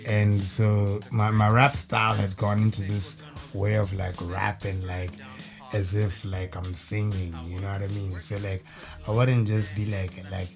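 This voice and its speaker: A South African man talks in a relaxed, meandering way, full of fillers. His voice sits low. Faint music plays under him in the radio studio. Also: unhurried, vocal fry. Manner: laid-back, rambling with many fillers. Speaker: rapper guest. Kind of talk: casual interview chat and rapping.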